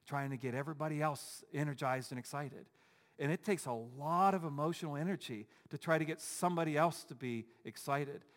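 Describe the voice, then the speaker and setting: Man preaching with a fairly high voice: emphatic, repeats his points, long church echo. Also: fairly quick. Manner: emphatic, repetitive, rhetorical questions. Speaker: pastor. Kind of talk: sermon. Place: church sanctuary.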